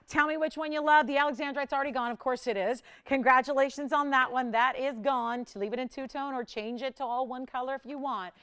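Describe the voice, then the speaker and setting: A woman hosting a live jewelry shopping broadcast, pitching pieces in a rapid, upbeat sales patter. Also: steady tone, fairly bright tone, clean tone. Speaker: shopping channel host.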